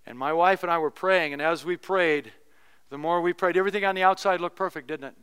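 A man's voice: high-pitched, fairly quick, fairly bright tone, clean tone. A middle-aged male pastor preaching a sermon, telling a personal story in a conversational, humorous way.

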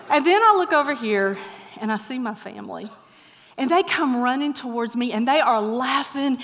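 A middle-aged woman preaching a sermon, moving from lively storytelling to soft, earnest encouragement. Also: on the high side, moderate pace. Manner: animated storytelling, then soft earnest exhortation. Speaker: pastor. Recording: long hall reverb.

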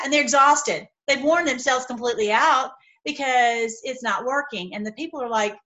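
A woman talks to her online audience in a casual storytelling way, with a slightly high-pitched voice. She leans hard on key words and often breaks off and restarts her sentences. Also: normal speed. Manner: animated, emphatic retelling with frequent restarts. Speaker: online video host.

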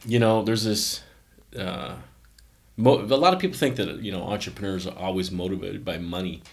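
In a low-pitched, gravelly voice at a moderate pace, a middle-aged man from Canada who founded a company shares animated anecdotes during a relaxed interview. He performs the voices of whoever he's quoting.

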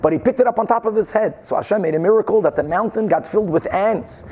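Man teaching Talmud, high-pitched voice, animated, asks rhetorical questions, drops Hebrew and Yiddish terms. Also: quick pace, breathy edge. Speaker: Torah teacher. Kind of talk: Talmud class, explaining Gemara.

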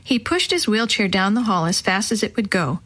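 A woman's voice: medium pitch, big pitch swings, moderate pace, fairly bright tone. Woman reading a children's story. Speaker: audiobook narrator. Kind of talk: scripted narration of a children's book.

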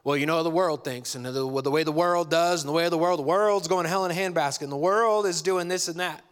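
Male pastor, sermon delivery, fairly high voice, conversational, playful asides. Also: fast talker, clear, resonant tone. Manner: conversational and animated, jokes and acts out dialogue.

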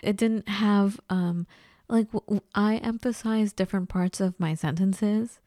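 A woman's voice: medium pitch, measured pace, warm tone, dry recording, clean studio sound. A woman from Los Angeles with a Los Angeles accent, telling stories in a rambling, casual chat full of likes and restarts. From Los Angeles, California. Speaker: podcast co-host.

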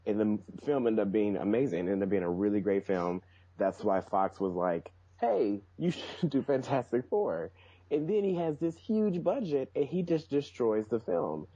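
Opinionated guy, husky and low, dead dry lo-fi mic. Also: lively intonation, normal speed, dark tone, no echo. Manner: emphatic, opinionated. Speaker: podcast guest. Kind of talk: casual chat. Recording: dull lo-fi, dry sound.

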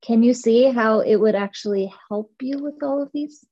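A woman coaching a client, calmly reflecting back her fears and guiding her through a belief exercise. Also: fairly high pitch, normal speed, highs cut off. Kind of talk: coaching session.

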